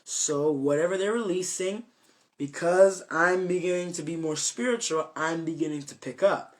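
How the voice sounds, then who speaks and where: A young man with a high, light voice talks through a devotional lesson in an earnest, unscripted way. He rambles, circles back, and fills gaps with fillers and restarts. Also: normal speed. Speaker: self-made preacher. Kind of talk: informal spoken devotional talk.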